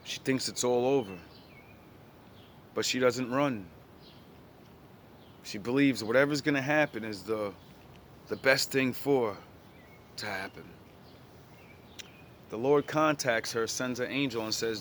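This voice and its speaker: A man's voice: mid-range voice, a little slow, long pauses, a little hiss or hum. A man casually retelling an old story in his own words, blunt and full of profanity and slang.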